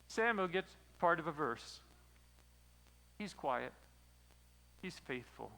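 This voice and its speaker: A man as pastor preaching a sermon, retelling a story in a lively, storytelling way. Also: a little high, gravelly, low-quality recording.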